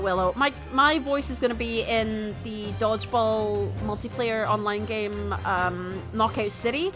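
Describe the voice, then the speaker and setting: A Scottish woman streaming a game, chatty and animated, swearing casually as she reads dialogue aloud. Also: medium pitch, normal speed, few pauses. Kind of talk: live game playthrough, reading dialogue aloud. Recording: game music playing underneath.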